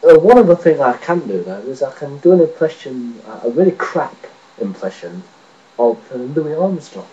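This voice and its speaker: A man's voice: medium pitch, sing-song, moderate pace, mellow, lo-fi sound. A man rambling and joking casually to his webcam, swearing now and then and mocking himself. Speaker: vlogger. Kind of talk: casual rambling video chat.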